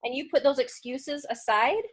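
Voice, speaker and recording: A woman's voice: high voice, moderate pace. A woman hosting an online book club, enthusiastic and encouraging, laughing easily with her members.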